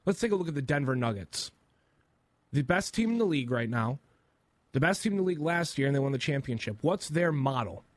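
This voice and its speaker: A man's voice: on the high side, lively intonation, brisk, dry recording. A man co-hosting a sports podcast, casually rattling off stats and offering hot takes. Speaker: podcast co-host.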